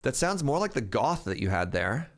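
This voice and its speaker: A man's voice: medium pitch, sing-song, normal speed. A man streaming a game live, chatting playfully with his viewers. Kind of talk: casual live-stream chat.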